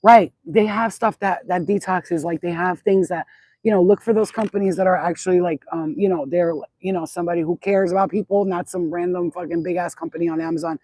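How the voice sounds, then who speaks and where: A woman's voice: lowish voice, fairly even intonation, brisk, mellow, no room sound, low-quality recording. A middle-aged woman rambling in a casual livestream chat outdoors at sunset, swearing freely and repeating herself as she goes. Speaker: spiritual channel host.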